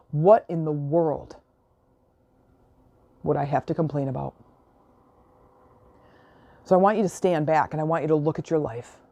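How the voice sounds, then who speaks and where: Woman podcaster, heartfelt and pep-talky, kinda low warm voice, dry close mic. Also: no echo, lo-fi sound. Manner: earnest, motivational, emotional. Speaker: podcast host. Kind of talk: solo podcast monologue.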